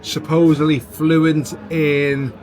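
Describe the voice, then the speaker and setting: A man's voice: a little high, level tone, slow pace, a little mellow. A man co-hosting a casual film podcast, easygoing, recapping the plot with many fillers. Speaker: podcast co-host.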